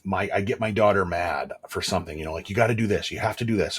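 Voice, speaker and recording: Husky low-voiced man telling candid stories. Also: racing, few pauses. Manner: candid, rambling storyteller with frequent restarts. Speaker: podcast host. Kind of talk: casual chat.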